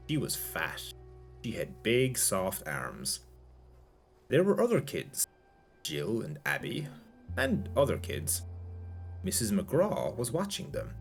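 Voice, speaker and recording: In a deep, creaky voice, a man fully takes on the character of a young woman with a child's mind, reading her short, simple, childlike sentences aloud. It sounds like an audiobook-style story.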